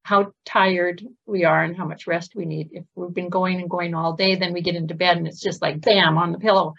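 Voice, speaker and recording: A woman's voice: on the low side, little pitch movement, normal speed, creaky, a bit bright, muffled recording. A woman interviewer responding in casual chat, affirming, with fillers and light laughs.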